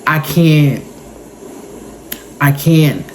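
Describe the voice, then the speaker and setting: A woman's voice: deep voice, animated, drawn-out words, a little mellow, slight background noise, low-quality recording. A woman in her thirties, telling an intense personal story for her vlog in an emotional, repetitive way. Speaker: vlogger. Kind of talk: story time monologue.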